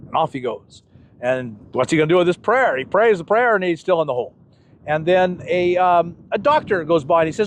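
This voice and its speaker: A man's voice: fairly high pitch, big pitch swings, fairly quick. An older man in a casual interview, telling stories in a folksy way and acting out the voices in his anecdotes. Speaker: channel host being interviewed.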